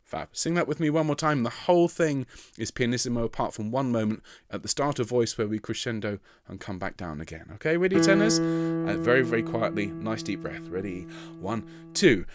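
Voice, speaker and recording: Leading an online tenor choir rehearsal, a man explains notes, counts the singers in, and sings phrases as examples, all in an encouraging manner. His mid-range voice swings widely in pitch and moves fairly quickly over soft background music.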